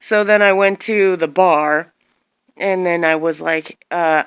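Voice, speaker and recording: Low-voiced woman ranting angrily. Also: slow pace, smooth. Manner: heated, profane, repeats herself. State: tired. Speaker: vlogger. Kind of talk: angry personal rant.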